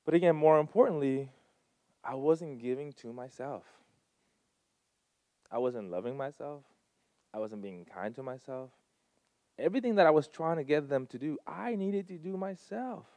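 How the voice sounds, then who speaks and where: A man's voice: on the high side, animated, moderate pace, pauses often, no room sound. A man speaking earnestly to a live audience, telling personal stories in a heartfelt, emphatic way. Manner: earnest, storytelling, emphatic swings in loudness. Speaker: speaker at a community gathering.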